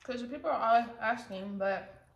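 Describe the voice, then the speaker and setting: A young woman vlogger with a fairly high, gravelly voice chats and rambles casually at a moderate pace, sometimes talking with her mouth full as she eats at home. She sits hunched over indoors, and the roomy home recording sounds muffled, with faint noise.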